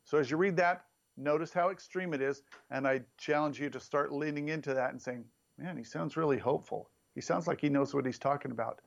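Animated male preacher, lo-fi sound. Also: fairly quick, creaky, hardly any pauses. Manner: emphatic, animated preaching with sudden rises in pitch. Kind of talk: sermon.

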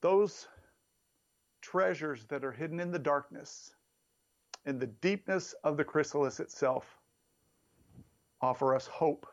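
A man preaching a sermon in an emphatic, animated way, his voice jumping up for emphasis. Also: a little slow, pauses often, highs cut off. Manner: emphatic, animated preaching with sudden rises in pitch.

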